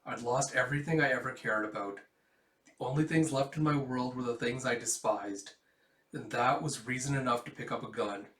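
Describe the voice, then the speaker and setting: Man voicing a grim young soldier, flat and brooding, roomy sound. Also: mid-range voice, moderate pace, recorded from a distance, close to an everyday voice. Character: grim young male soldier remembering the war. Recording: echoey room.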